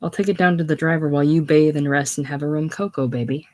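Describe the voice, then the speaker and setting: A reader voicing a worldly woman who runs a hotel, coaxing and soothing in a lowered voice. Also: steady tone, fast talker, a little mellow, close to an everyday voice.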